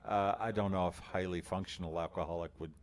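A man co-hosting a podcast with a baritone voice, telling a long story in a relaxed, rambling way with lots of fillers. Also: fast. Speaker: podcast co-host. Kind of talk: casual chat.

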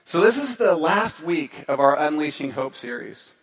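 A male pastor preaching a sermon, telling a story with lively energy and leading a quiet prayer. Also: fairly high pitch, moderate pace. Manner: storytelling, animated, then softer in prayer.

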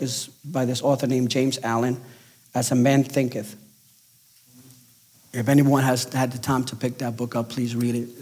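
A middle-aged man with a slightly husky voice delivers a sermon in an emphatic preaching style. He drops to hushed, near-whispered phrases for effect, then rises again, and he acts out the people he quotes in a raised, excited voice. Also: medium pitch. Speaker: pastor.

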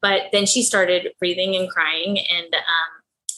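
A woman with a bright, forward voice recounts a personal story as a podcast guest. She is candid and animated, breaking into laughs and playing out the dialogue of the moment with lively jumps in her voice. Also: on the low side, takes it slowly, low-quality recording. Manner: candid, laughs often while telling.

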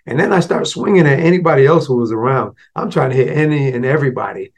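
Fast and animated, this man's mid-range voice carries a motivational personal story on the podcast he hosts. He keeps it casual, often tossing in "right?" and "you know."

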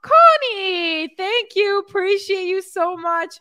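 A woman's voice: high voice, animated, moderate pace, sharp tone, dry recording, studio quality. A woman fitness coach on a live stream, reading out her clients' wins, cheering them on and getting emotional. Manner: upbeat cheerleading, hyping people up; emotional, heart on her sleeve. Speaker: fitness coach and podcast host. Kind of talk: live stream chat, reading viewer comments. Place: home in Mexico.

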